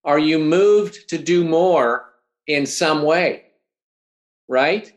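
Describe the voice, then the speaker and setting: Energetic man coaching, asking "right?" a lot. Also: on the high side, very slow, pauses often. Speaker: host and speech coach.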